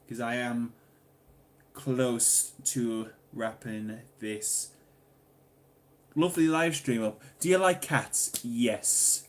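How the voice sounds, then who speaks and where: This is a YouTuber fielding livestream questions: a young man with a Geordie accent from Newcastle upon Tyne, England, speaking at medium pitch, very slowly, with long pauses. Chatty and jokey, he reads viewers' messages out loud and breaks into noisy bursts of excitement.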